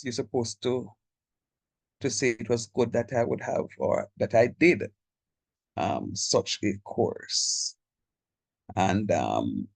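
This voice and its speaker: Jamaican male lecturer on a video call, chatty and direct, mid pitch, dry sound. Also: vocal fry, darkish tone, slightly rough, dry recording. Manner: direct, chatty, code-switches into local speech. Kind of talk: online math lecture.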